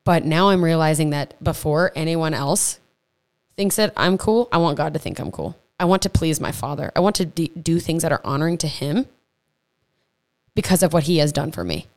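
Low-voiced lady doing a chill faith podcast, earnest, kinda rambly, trips over words. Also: animated, moderate pace, darkish tone. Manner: chatty and earnest, with stumbles and asides. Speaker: podcast host. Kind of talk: casual faith podcast teaching. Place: home podcast setup.

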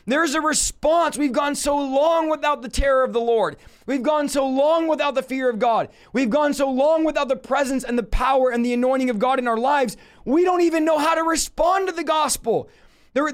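A man preaching a fervent Bible teaching, impassioned, with rhetorical questions and bursts of shouting. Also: very high voice.

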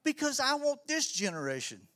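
With a very high voice and a moderate pace, a middle-aged children's ministry pastor gives an energetic church talk in a preacherly style. He escalates into emphatic shouting.

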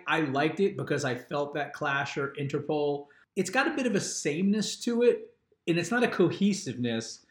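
An older man, a father and regular podcast panelist, muses through an album review in casual, rambling chat and often restarts his sentences. His voice is fairly high and bright, and the recording has a roomy echo.

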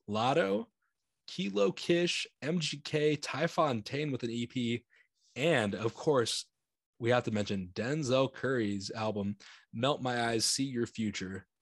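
A man's voice: medium pitch, creaky, dry recording, studio quality. A man with an American accent co-hosting a podcast, talking in a loose, rambling way, laughing often and acting out his own reactions. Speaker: podcast co-host. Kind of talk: casual chat.

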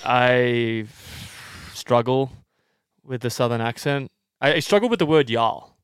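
A man's voice: mid-range voice, unhurried, smooth, no room sound, clean studio sound. A man co-hosting a podcast, chatting in a playful, jokey way. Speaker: podcast co-host. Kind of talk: casual chat.

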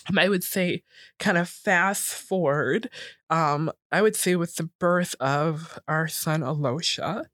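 A woman's voice: takes it slowly, dry recording. Woman in her 30s telling a story, lots of fillers, jumps way up when quoting people, dry close sound. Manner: animated, acts out quoted voices higher. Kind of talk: casual storytelling.

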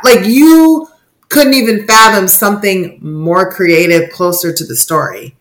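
A woman's voice: mid-range voice, unhurried, fairly bright tone, rough recording. A woman co-hosting a podcast in casual, emphatic chat, often slipping into mocking quoted asides. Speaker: podcast co-host.

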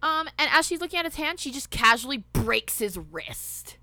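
Woman recapping a movie, casual and sweary, bright voice, dry sound. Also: high voice, very animated, moderate pace, no room sound. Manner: loose and profane, with lots of asides. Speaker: podcast co-host.

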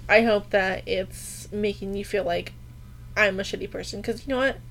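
A woman's voice: mid-range voice, steady tone, normal speed, vocal fry, fairly bright tone. A woman co-hosting a podcast in casual chat, talking bluntly and emphatically with plenty of swearing. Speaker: podcast co-host.

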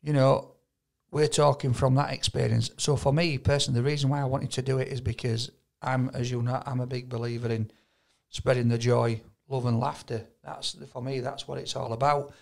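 Yorkshire man, gravelly, mid pitch, chatty podcast co-host who stumbles over his words. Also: level tone, fairly quick. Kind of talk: casual chat.

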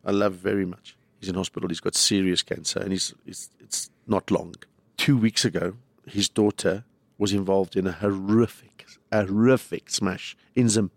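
Man, gravelly voice, fairly low pitch, dry close sound, rambling emotional chat. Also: fairly even intonation, normal speed, few pauses, no echo. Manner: rambling, jumps between thoughts. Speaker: comedian guest.

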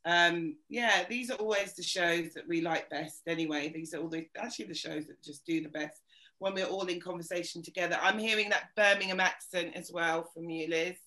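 Woman, podcast host, casual chat, playful, animated, bright voice. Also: fairly low pitch, brisk.

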